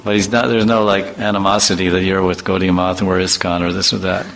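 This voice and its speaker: Bright-voiced man telling humorous stories. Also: low voice, level tone, fairly quick, vocal fry, a little hiss or hum, poor audio. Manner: humorous storytelling with vivid imitations. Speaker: spiritual teacher. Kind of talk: informal devotional talk.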